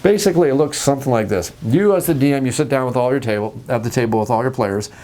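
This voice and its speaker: A man hosting a casual talk about tabletop games, jokey and animated, acting out scenes at the table. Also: mid-range voice, fast. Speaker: host.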